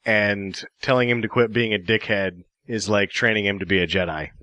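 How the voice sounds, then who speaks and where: Chill guy joking about a bad movie, kinda low voice, dry sound. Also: fairly even intonation, normal speed, pushed and bright, no echo. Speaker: podcast co-host. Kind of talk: casual movie review chat.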